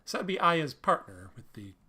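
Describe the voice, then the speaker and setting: A man's voice: a little high, very animated, normal speed, sharp tone. A man streaming a video game live, chatting and thinking aloud as he plays. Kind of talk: live gameplay commentary. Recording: game music behind.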